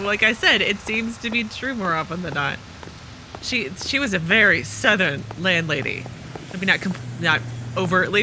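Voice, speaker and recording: A young woman streamer chatting and giggling as she plays through a detective game and comments along. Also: medium pitch. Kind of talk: let's play commentary.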